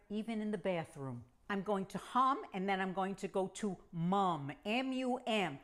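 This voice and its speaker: A woman's voice: medium pitch, a bit bright. A middle-aged woman vocal coach teaching a singing lesson, demonstrating hums and scales as she explains.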